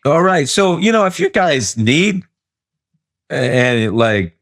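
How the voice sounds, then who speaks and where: A middle-aged Scottish man hosting a podcast, telling stories in a lively, joking way. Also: a little high, slow, no room sound, clean studio sound. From Scotland. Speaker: podcast host. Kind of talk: casual chat.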